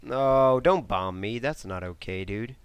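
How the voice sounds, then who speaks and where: A man giving casual live commentary over his own online shooter match, swearing, grumbling in frustration and breaking into excitable outbursts. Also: mid-range voice, a little slow, clear, resonant tone, no room sound. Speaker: gameplay commentator.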